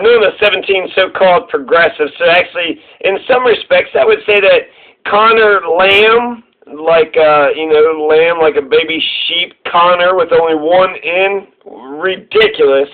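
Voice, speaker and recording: A man's voice: high voice, normal speed. A man hosting political commentary, ranting sarcastically and profanely about clips he plays. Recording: tinny phone-like audio.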